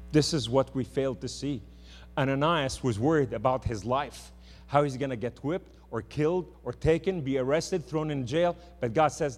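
A man preaching a sermon in church, impassioned, swinging between loud outbursts and hushed words. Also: medium pitch. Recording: hum in a reverberant hall.

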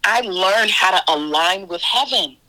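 A woman guest minister telling her faith testimony in an interview, animated and storytelling, often repeating her own words in quotes. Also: medium pitch, measured pace, rough recording.

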